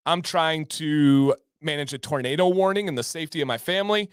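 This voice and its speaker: A man hosting a live stream tells his viewers a long tale of frustration, full of quick jokes aimed at the chat. His voice sits a touch high and comes through smooth and clear. The sound is close and dry, with no room in it. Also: dry recording. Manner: animated, exasperated, jokey asides to chat. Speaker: livestream host. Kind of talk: casual storytelling to a live chat.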